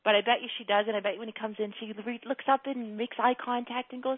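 A woman's voice: fairly high pitch, steady tone, quick pace. A woman hosting a call-in advice show, direct and coaching, often acting out sample lines for the caller. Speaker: radio advice host. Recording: phone-like radio audio.

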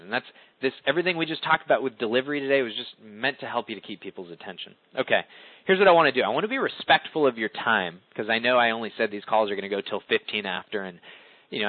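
A man runs a conference call, coaching listeners on public speaking. His voice climbs and dips with lively emphasis, and the call comes through as a tinny, dry phone line. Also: no echo. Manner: animated, swoops pitch up and down for emphasis.

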